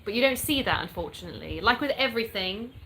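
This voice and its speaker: Brief: English woman, bright voice, chatty live-stream host, soft birdsong behind. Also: mid-range voice, expressive, fast, slight background noise. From England. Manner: chatty, upbeat, greets viewers by name. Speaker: livestream host. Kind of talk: casual live-stream chat reading comments.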